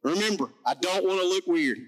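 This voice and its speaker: High-voiced pastor preaching. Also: male voice, brisk, poor audio. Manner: storytelling, animated and self-mocking. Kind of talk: sermon.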